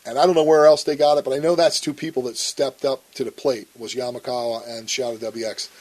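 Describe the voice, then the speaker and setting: A man's voice: mid-range voice, steady tone, brisk, a little mellow, rough recording. Guy swearing nonstop telling his story, blunt, acts out the fights. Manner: blunt and profane, acts out quoted arguments. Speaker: interview guest. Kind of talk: shoot interview storytelling.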